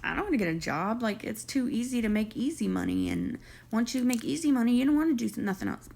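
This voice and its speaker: A woman's voice: a little high, lively intonation, fast talker, vocal fry, a little mellow. A woman mimicking a lazy young man who talks in a dismissive, offhand way.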